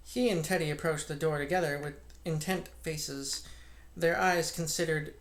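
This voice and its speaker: A woman reads a classic novel aloud in a steady, measured way. Her narration is even and unhurried. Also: deep voice. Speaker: audiobook reader.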